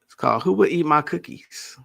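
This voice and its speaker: A man's voice: a little high, expressive, brisk, creaky, fairly bright tone. A man hosting a casual livestream, greeting viewers and chatting. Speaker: host.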